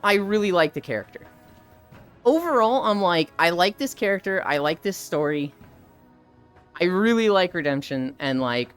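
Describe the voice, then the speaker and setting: A young woman streamer chatting casually and animatedly, swearing freely as she rants about a game's story. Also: on the low side. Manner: animated, profane, ranting about a game story. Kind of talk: casual live-stream chat.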